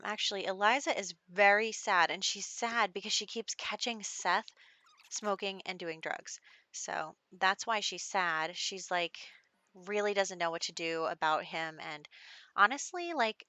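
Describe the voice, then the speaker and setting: A woman's voice: fairly low pitch, bright, forceful tone, dry recording. Chatty woman narrating a life sim. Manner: chatty, storytelling, lots of "like" and "um". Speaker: gameplay narrator. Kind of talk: casual let's-play narration.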